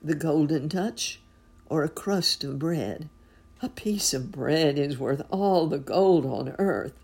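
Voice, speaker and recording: A humbled old king pleads in a slow, low, gravelly voice, as a woman reading the tale gives him voice. His lines stretch out with emotion, and the tone is husky and mellow. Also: expressive, full character voice. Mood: anguished.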